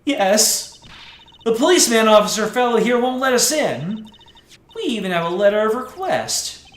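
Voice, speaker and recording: A man voicing a bubbly, excitable teenage girl sidekick with a squeaky, bouncy voice, in an echoey room. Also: moderate pace. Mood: eager.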